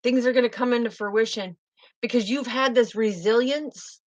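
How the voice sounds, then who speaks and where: A woman's voice: on the high side, normal speed, no room sound, muffled recording. A woman giving a spiritual tarot reading in a fervent, emotive way, often repeating herself. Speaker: tarot reader.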